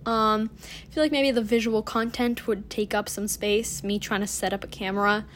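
A woman's voice: mid-range voice, little pitch movement, moderate pace, slight background noise. A young woman hosting a casual solo podcast at home, rambling and giggly with lots of fillers and "oh my god", recorded on a propped-up phone.

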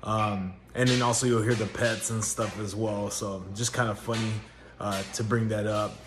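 A man's voice: lowish voice, level tone, moderate pace. A man hosting his own podcast, chatting casually and rambling with many fillers and restarts, recorded at home. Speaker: podcast host. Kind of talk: casual solo podcast chat. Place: home laundry area, washers running. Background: dryer noise.

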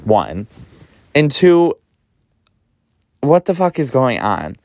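This young podcast host tells a story slowly in a gravelly voice, casual and gossipy, swearing freely and often jumping up in pitch. There's no echo on the recording.

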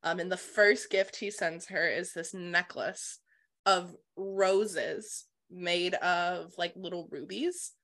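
A woman co-hosting a podcast, retelling a novel's plot in casual book-club chat, animated and sprinkled with swearing and "like". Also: fairly low pitch, slow. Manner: animated retelling, swears freely, filler 'like'. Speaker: podcast co-host.

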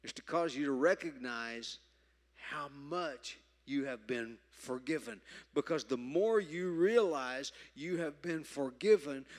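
A man preaching a sermon, emphatic, moving from loud stresses to quiet asides. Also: medium pitch, takes it slowly. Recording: reverberant hall.

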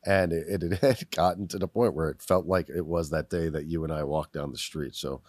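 A man's voice: very deep voice, fairly even intonation, moderate pace, a little mellow, dry recording, studio quality. A man co-hosting a podcast, chatting in a rambling, apologetic way over a video call, swearing and laughing often. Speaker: podcast co-host. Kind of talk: casual chat. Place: Los Angeles, recording over video call.

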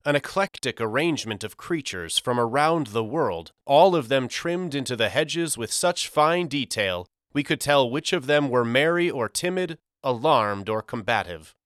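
A man reading a novel aloud as an audiobook, measured and expressive. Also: mid-range voice, no echo, clean studio sound. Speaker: audiobook narrator. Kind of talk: scripted audiobook narration.

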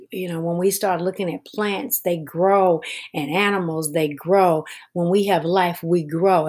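Low-voiced woman explaining scripture earnestly. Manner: earnest, quotes scripture, explains in steady flowing runs. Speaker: podcast co-host. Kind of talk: casual spiritual discussion.

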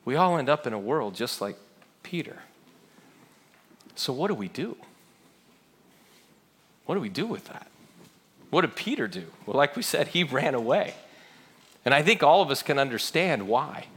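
A man's voice: medium pitch, sing-song, moderate pace, pauses often, fairly bright tone, slightly rough. A man preaching a sermon, telling a story with earnest feeling and acting out the quoted lines. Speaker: pastor.

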